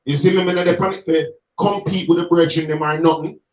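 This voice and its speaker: A man's voice: on the high side, steady tone, fast talker. A man with a Jamaican accent, an emphatic street gospel minister who preaches in patois during a conversation. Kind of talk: passionate reasoning conversation. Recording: echoey, distant, muffled sound.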